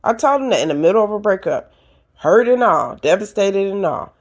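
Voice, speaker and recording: Animated woman giving advice, gravelly voice. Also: medium pitch, a little fast. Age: older. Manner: animated, preachy, addresses listeners directly. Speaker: podcast host. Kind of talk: casual advice talk.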